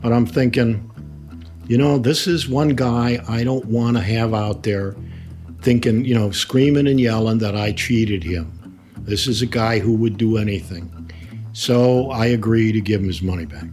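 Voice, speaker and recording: A man, a lawyer being interviewed, recounting events in an emphatic, animated way with frequent restarts. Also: fairly low pitch, measured pace, faint music behind.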